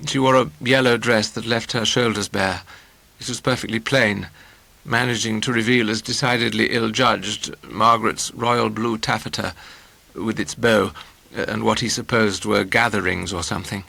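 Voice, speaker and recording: A man narrating a novel in a measured, wry storytelling manner. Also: lowish voice, steady tone, creaky, pushed and bright, no echo, poor audio. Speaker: audiobook narrator.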